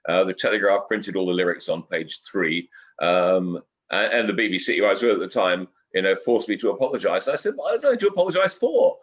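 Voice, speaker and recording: A man's voice: sits low, steady tone, a little fast, a bit bright. Older guy rambling in an interview, lots of uhs and repeats, audio kinda muffled. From England. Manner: rambling, with frequent fillers and repeated words. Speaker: guest broadcaster. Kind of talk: casual interview chat. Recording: slightly dull lo-fi audio.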